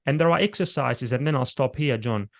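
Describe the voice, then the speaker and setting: A middle-aged presentation coach explains delivery techniques in a conversational podcast interview, demonstrating vocal techniques as he speaks. His mid-range voice is gravelly and a little fast.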